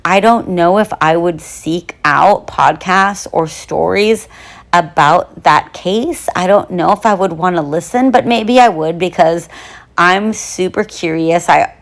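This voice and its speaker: A woman's voice: on the low side, unhurried. A young woman hosting a true crime podcast who talks in a chatty, bubbly way with lots of fillers. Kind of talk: casual podcast monologue.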